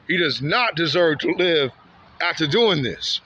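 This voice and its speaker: An animated, fairly high-voiced vlogger from Santa Ana, California tells an unhurried walking-vlog story outdoors on a street, his tone bright and forceful. The recording is muffled with a little hiss or hum. His telling rambles, repeats, and runs heated, with many lines capped by "man" or "bro."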